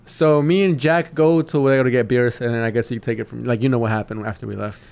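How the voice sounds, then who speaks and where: A man's voice: medium pitch, fairly even intonation, fast talker, vocal fry, a little mellow, clear, resonant tone. A young man, a podcast co-host, telling a story in casual chat, rambling with many restarts and calling his friend dude.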